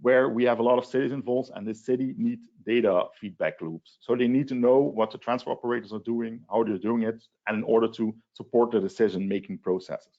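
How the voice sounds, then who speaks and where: Man at mid pitch, presenting a webinar, halting and repetitive, dull lo-fi call audio. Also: warm tone. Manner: hesitant, many restarts and fillers. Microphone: video call.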